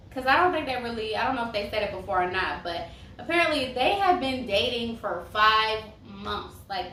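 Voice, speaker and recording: A woman's voice: fairly high pitch, a bit bright. Sassy young woman, roomy far-off sound. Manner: sassy, chatty, goes off on tangents. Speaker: reality TV reviewer. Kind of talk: casual chat. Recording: roomy echo, mic far off, faint hiss.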